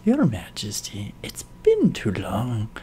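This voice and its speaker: A woman voicing a cold, sneering villainous courtier in a video game, speaking slowly and disdainfully. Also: a bass voice, wildly swooping pitch, mellow, a little hiss or hum, voice pushed down, full character voice. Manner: slow, disdainful, menacing.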